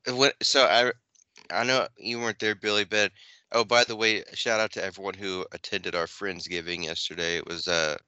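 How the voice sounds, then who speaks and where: A man's voice: deep voice, steady tone, moderate pace, bright, forceful tone, clean tone, no echo, highs cut off. A man co-hosting a casual podcast, telling rambling stories packed with filler words and laughter. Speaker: podcast co-host. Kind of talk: casual crude chat.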